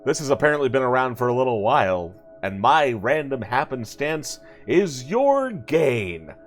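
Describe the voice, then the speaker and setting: A man's voice: medium pitch, very animated, normal speed, faint music behind. A man hosting a let's play video, commenting playfully and sarcastically with jokey asides. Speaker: gaming video host.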